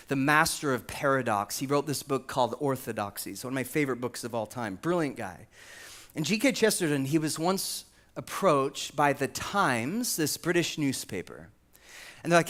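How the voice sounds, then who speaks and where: A male pastor preaching with a lively, swooping delivery that climbs fairly high. He acts out the voices of the people in his stories. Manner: animated storytelling, acts out quoted voices. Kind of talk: sermon.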